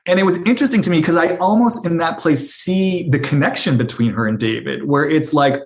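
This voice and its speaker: A woman's voice: low voice, brisk, few pauses, a little mellow. A woman hosting a podcast, talking in a reflective, analytical way and asking her guests for their views. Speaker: podcast host. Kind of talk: casual chat.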